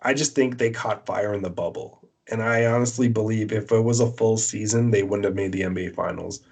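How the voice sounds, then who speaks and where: A man co-hosting a podcast, giving blunt, opinionated sports takes in casual chat with a Canadian accent, often pausing on "uh" and "um". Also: lowish voice, fairly even intonation, gravelly. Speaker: podcast co-host.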